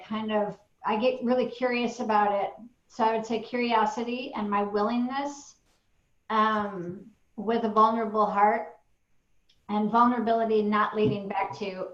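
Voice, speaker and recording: Woman participant, self-deprecating, halting speech, echoey dull call recording. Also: medium pitch. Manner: candid, rambling, self-deprecating, with many fillers. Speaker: training participant and parent. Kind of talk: candid sharing in a group call.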